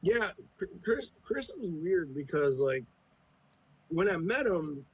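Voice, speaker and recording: A man's voice: fairly high pitch, sing-song, takes it slowly, breathy edge, lo-fi sound. A man from the United States, a podcast guest, talking casually with a profane, teasing, joking manner. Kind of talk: casual chat.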